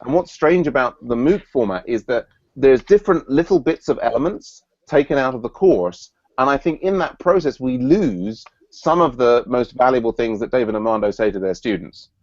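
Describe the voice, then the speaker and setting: A man's voice: medium pitch, normal speed, no room sound, highs cut off. A man hosting an online work meeting, thinking aloud with frequent restarts and fillers. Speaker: meeting host. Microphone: video call.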